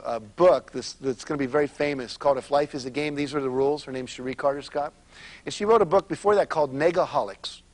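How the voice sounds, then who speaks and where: A man with a fairly high-pitched voice giving a motivational seminar. He tells stories with animated energy. He speaks straight to the people in front of him and often asks them questions. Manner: animated storytelling, addressing the audience directly.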